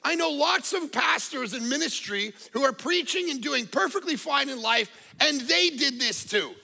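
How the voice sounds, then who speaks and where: A man's voice: high voice, lively intonation, brisk, vocal fry, sharp tone, husky, exaggerated voice, rough recording. A man voicing a sly young male college classmate who breezily waves away worries. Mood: dismissive. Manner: breezy, reassuring, talks down worries.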